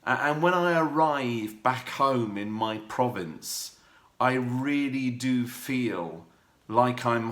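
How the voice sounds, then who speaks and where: A man talking candidly to camera in a personal vlog, rambling warmly with fillers and restarts. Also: medium pitch, echoey room. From United Kingdom. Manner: warm rambling talk with many fillers and restarts. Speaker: vlogger.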